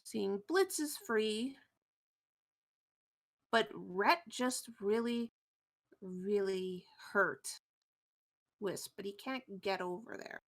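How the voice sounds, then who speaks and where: A woman running a tabletop game as game master, narrating in a relaxed, descriptive way. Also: medium pitch, drawn-out words, long pauses.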